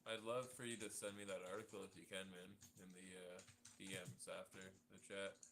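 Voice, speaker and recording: A man's voice: low voice, little pitch movement, a little fast. A man hosting an online debate, talking in a rambling, emphatic way, swearing now and then. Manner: rambling, emphatic, swears, mocks others in put-on quotes. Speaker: debate host. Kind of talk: heated casual debate talk.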